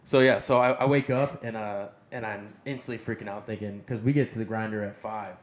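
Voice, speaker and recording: A man co-hosting a firefighter podcast, telling an animated story in casual chat. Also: fairly low pitch, a little fast. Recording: slightly dull sound with faint noise.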